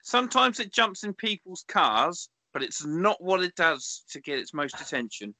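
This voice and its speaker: Man, sharp, very bright voice, dry close sound, deadpan podcast co-host. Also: high voice, moderate pace, no room sound. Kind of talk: casual comedic chat.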